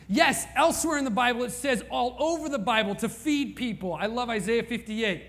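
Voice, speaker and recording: A man in his thirties from Indiana preaching a sermon through personal stories, impassioned, swinging from hushed lines to near-shouts. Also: lively intonation, brisk, few pauses, slight background noise. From Indiana, USA. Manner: impassioned storytelling, rising to near-shouts at high points.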